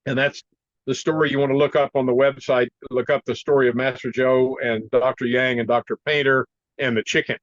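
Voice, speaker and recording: A man telling a story in a casual interview, animated and laughing often, clearing his throat now and then. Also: medium pitch, a little fast, dry recording, lo-fi sound. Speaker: martial arts teacher, interview guest.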